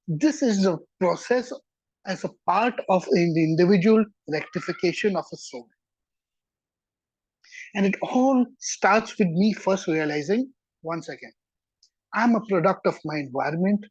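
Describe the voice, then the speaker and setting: A husky, slightly breathy voice delivers a sermon-like religious lesson, talking straight to the listeners and repeating key words for weight. The sound is dull and lo-fi, close and dry with no room around it. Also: mid-range voice, animated, slow, long pauses, a little mellow, no room sound. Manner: conversational, repeats words for emphasis, checks in with listeners. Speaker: Torah teacher.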